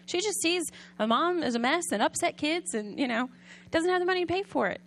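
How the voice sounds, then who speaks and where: A woman preaching a sermon in a conversational storytelling way, often asking the audience questions and sometimes dropping soft and quiet. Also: very high voice, lively intonation, fairly quick.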